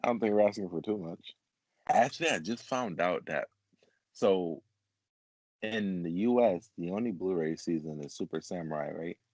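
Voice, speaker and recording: Deep-voiced man in casual chat. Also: moderate pace, darkish tone, no echo. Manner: rambling, swears, laughs often. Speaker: podcast co-host.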